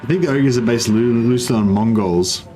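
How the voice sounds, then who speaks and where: A man's voice: medium pitch, fairly quick, background noise. Chatty man streaming a game. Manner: rambling, chatty, greets viewers. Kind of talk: casual livestream commentary.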